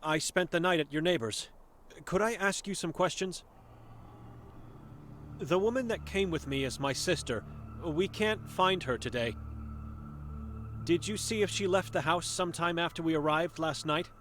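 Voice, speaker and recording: A man's voice: a little high, normal speed, long pauses, a bit bright, slight background noise, lightly acted. An actor voicing an earnest male monk from Hungary who asks polite, pressing questions in a video game. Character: earnest male monk searching for his sister.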